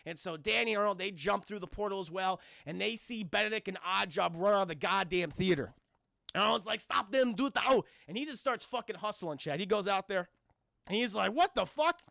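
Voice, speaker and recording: A man's voice: sits high, a little fast, gravelly, sharp tone, no echo, clean studio sound. A man streaming a casual scene-by-scene film recap to his chat, rambling and profane and often calling out to the viewers.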